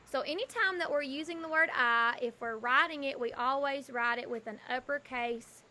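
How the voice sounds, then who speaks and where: A woman's voice: fairly high pitch, bright, forceful tone. A woman teaching a kindergarten lesson, patient and repetitive, spelling words out letter by letter for young children. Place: home porch.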